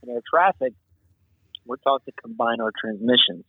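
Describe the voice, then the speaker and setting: A man working as an air traffic controller, talking casually and animatedly as an interview guest, explaining his job with quick asides, heard over a remote call. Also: medium pitch, breathy edge, no room sound. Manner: animated, chatty, acts out radio calls. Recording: tinny phone-like line.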